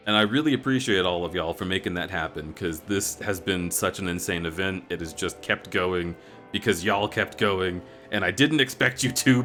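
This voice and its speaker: A man's voice: sits low, a bit bright. A man streaming a game live, chatting with viewers and thanking them in an effusive, rambling way with restarts. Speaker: variety streamer. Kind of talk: live-stream chat while gaming.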